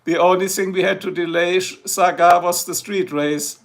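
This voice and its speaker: A middle-aged man with a German accent talks loosely on a livestream. He rambles from one joke to the next and calls out to his chat viewers by name. His voice sits high and carries a gravelly rasp. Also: fairly even intonation, moderate pace.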